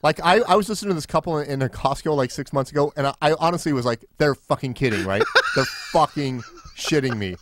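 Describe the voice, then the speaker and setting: A man co-hosting a podcast in casual chat, telling rambling anecdotes and getting loud and excited. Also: a little high, fast. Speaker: podcast co-host.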